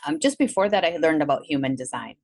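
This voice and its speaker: A woman with a Wisconsin accent speaks in a fairly low voice, talking as an interview guest over a video call. She is animated and jumps into a higher voice whenever she acts out her own past thoughts. The sound is dry and close. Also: fast talker, no echo. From Milwaukee, Wisconsin. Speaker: guest, energy healer. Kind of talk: casual interview storytelling.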